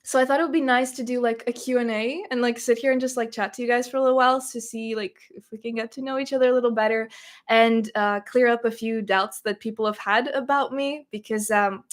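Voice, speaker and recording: A woman's voice: fairly high pitch, steady tone, fairly quick. A woman from Russia hosting a casual livestream Q&A, chatting a little nervously as she reads viewer comments aloud and answers them. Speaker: streamer hosting a Q&A.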